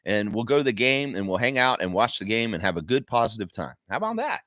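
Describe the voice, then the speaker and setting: A man's voice: on the low side, fast, a bit bright, dry recording. A man hosting a daily basketball fan show, talking in a rambling, opinionated way with many fillers and restarts. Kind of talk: casual livestream commentary.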